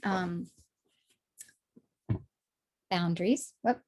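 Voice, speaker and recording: A woman's voice: very slow, slight background noise. Woman telling her faith story. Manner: animated storytelling, acts out her own past words; drops soft and low on reflective parts. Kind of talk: personal testimony in conversation.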